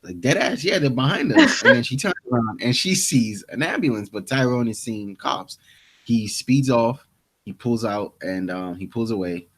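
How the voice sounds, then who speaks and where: Low-voiced man recapping a TV episode. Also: expressive, normal speed, a bit bright. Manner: retelling scenes with quoted lines, restarts. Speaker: podcast co-host. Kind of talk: casual TV recap chat.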